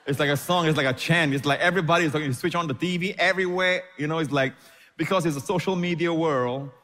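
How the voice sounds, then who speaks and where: A man's voice: a little high, fast, fairly bright tone, in a large hall, soft background music. A man preaching a sermon as pastor, calling for amens and explaining Hebrew words.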